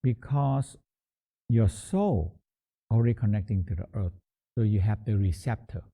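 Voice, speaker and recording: A man guiding a meditation practice in a halting, repetitive teaching manner, often restating words as he explains. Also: fairly low pitch, lively intonation, warm tone. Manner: halting, repeats words, slow explanatory phrasing. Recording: tinny phone-like sound.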